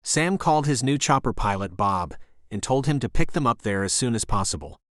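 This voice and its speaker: Male thriller narrator, mid-range voice, even storytelling read, dry booth sound. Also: medium pitch, brisk, no echo. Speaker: audiobook narrator.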